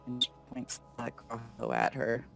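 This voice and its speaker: A man playing in a tabletop game who narrates his character's moves. His voice is mid-pitched and has a gravelly texture. He pauses with fillers as he goes. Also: level tone, fairly bright tone, soft background music. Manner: hesitant, with fillers. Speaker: player.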